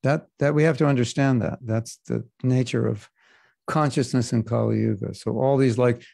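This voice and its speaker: A man's voice: mid-range voice, steady tone, moderate pace, creaky, dark tone, dry recording. A man giving a scripture class as a spiritual teacher, talking casually and joking as he wanders off topic. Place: class in Florida.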